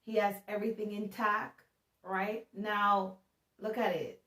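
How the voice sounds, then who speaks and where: A woman giving a casual, animated Bible talk, chatty and joking at her own expense. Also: mid-range voice, a little slow. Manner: chatty and animated, laughs at herself. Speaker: Bible teacher. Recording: roomy sound from a distance.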